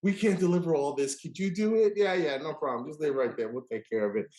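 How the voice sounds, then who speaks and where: Male podcast host, casual chat, animated storyteller doing the quoted voices, roomy echo. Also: fairly high pitch, quick pace.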